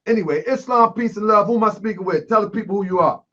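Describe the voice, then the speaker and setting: Male call-in host, very high pitch, insistent and heated, muffled lo-fi audio. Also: fast talker, a bit bright. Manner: emphatic, keeps calling people brother, raises his voice. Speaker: talk show host taking callers. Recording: lo-fi online broadcast audio.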